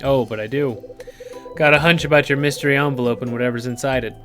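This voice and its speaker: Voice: medium pitch, steady tone, quick pace, fairly bright tone, soft background music, natural voice. A let's play player voicing a blunt, sardonic male detective in a plain, curt way. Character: gruff, blunt ex-cop detective, man. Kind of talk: let's play character reading.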